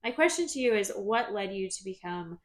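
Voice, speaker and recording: A woman's voice: medium pitch, lively intonation, brisk. A woman hosting a health and wellness podcast, a yoga instructor asking her guest curious questions. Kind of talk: podcast interview.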